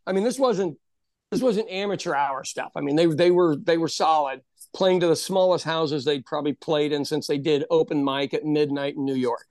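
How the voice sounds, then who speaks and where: A man from Oklahoma, a former stand-up comic, telling stories in a casual, animated chat with frequent swearing. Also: on the high side, no room sound, studio quality. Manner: animated storyteller, swearing, quick asides.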